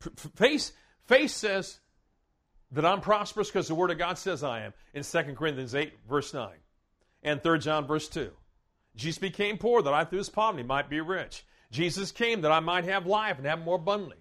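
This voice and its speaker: Preacher man, folksy, stammers and restarts, then declares loudly; slightly high-pitched. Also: animated, moderate pace. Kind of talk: sermon.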